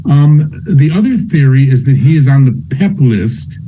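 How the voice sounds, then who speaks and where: A man appearing as a personal finance expert guest, explaining things in a measured way. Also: medium pitch, lively intonation, dark tone, breathy edge, poor audio. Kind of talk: talk show interview. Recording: faint background noise.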